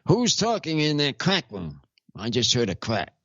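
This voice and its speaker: A man hosting a casual talk show, rambling and repeating himself, with halting restarts, on dull lo-fi audio. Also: mid-range voice, huge pitch swings, fairly bright tone, dry recording. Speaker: radio show host. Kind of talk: casual chat.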